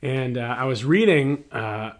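A man's voice: mid-range voice, expressive, a little slow. A man preaching a sermon, reflective, mixing scripture with a family story and rhetorical questions to the congregation. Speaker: pastor.

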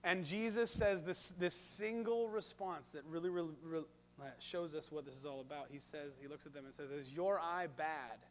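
A man preaching a sermon in a fairly high voice. His delivery is animated, with asides and questions to the congregation. A faint hum sits under the recording. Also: normal speed. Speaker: pastor.

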